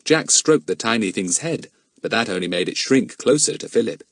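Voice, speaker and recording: A man reads a children's adventure audiobook in expressive, scripted narration. His voice leans low and moves at normal speed, captured dry in a clean studio.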